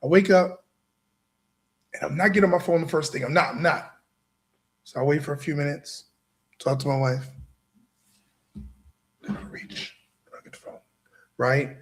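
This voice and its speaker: With a voice on the high side and fairly even intonation, a host gives a motivational talk at a moderate pace, leaving long pauses. Before his live audience he's emphatic and repetitive, regularly asking "right?"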